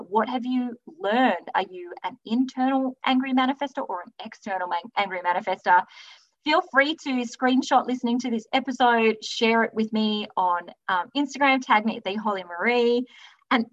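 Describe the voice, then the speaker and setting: A woman's voice: on the high side, a bit bright, highs cut off. A woman hosting a spiritual self-help podcast, talking earnestly and emphatically in long runs of repeated phrases. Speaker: podcast host.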